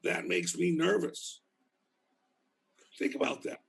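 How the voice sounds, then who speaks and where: A man's voice: sits high, little pitch movement, slow pace, creaky, fairly bright tone, breathy edge. A man in his fifties with a Boston accent, a criminal justice professor speaking as a podcast guest in a blunt, anecdotal way. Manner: blunt, anecdotal, restarts phrases often. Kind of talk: casual podcast conversation.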